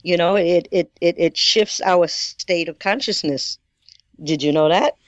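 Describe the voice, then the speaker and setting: A man's voice: high voice, a little slow, no room sound. Man with an accent, rambling, hesitant, many fillers, muffled dull sound, dry room. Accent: non-native English. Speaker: guest drummer. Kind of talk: casual chat.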